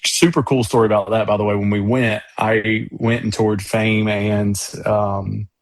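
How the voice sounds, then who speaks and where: Low, flat-voiced man telling stories. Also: measured pace, no room sound. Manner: rambling, enthusiastic storytelling with many fillers. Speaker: musician guest. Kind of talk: casual interview chat.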